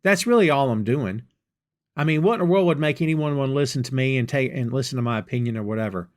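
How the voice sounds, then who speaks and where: A middle-aged American man hosts a solo political commentary podcast, addressing his listeners directly in a folksy, exasperated manner. He talks fast in a mid-range voice.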